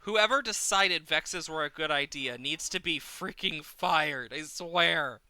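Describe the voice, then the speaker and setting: A man's voice: fairly high pitch, measured pace, pushed and bright, dry recording. A man streaming a game live, talking to himself with exasperated running commentary, swearing at the game and counting under his breath into a desk mic.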